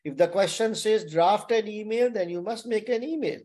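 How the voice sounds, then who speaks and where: A man's voice: sits high, normal speed, darkish tone. A man tutoring exam candidates in an online webinar lecture. He repeats his key points and keeps checking in with "okay?". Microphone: webinar microphone.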